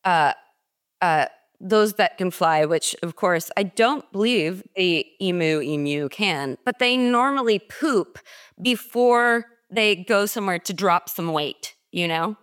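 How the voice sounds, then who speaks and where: A woman's voice: lowish voice, animated, slow pace, a bit bright, clear, resonant tone. A woman on a comedy podcast panel, talking casually in hesitant, trailing thoughts full of ums.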